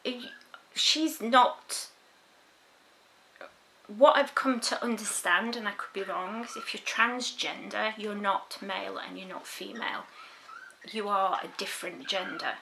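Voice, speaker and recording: Young woman, personal vlog, halting and reflective, unhurried delivery, some background noise. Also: medium pitch, gravelly. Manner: thoughtful, halting, many ums. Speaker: vlogger. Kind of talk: casual personal talk to camera.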